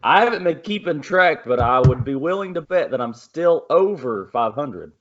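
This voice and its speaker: A man's voice: on the high side, animated, normal speed, muffled recording, slight background noise. A man moderating a casual sports podcast, laid-back and running through his notes conversationally.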